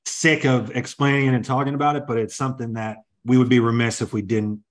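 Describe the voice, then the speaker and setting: An upbeat man hosts a casual podcast and keeps the tone friendly. His questions run long and wander, with many restarts. His voice sits at an average pitch. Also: little pitch movement, fast talker, over a noisy crowd. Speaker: podcast host.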